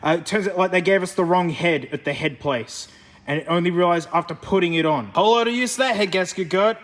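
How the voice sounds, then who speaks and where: An Australian man hosting a car vlog, chatting excitedly with plenty of slang and frequent laughter as he works in a garage. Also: high voice, a little fast, in a large hall. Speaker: car vlogger host. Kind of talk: casual commentary over car work and testing.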